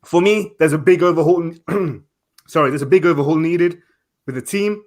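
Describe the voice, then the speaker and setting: A man with a somewhat high voice argues his point in a casual debate. He rants with heat and frustration, stacking up rhetorical questions as a fan pundit. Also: moderate pace.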